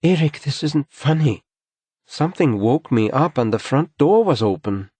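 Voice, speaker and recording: A man's voice: medium pitch, expressive, moderate pace, husky, no echo, pitched above the performer's own voice. A man voicing an anxious, angry wife. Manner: sharp and anxious, rising into anger. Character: tense, frightened woman, adult wife and mother.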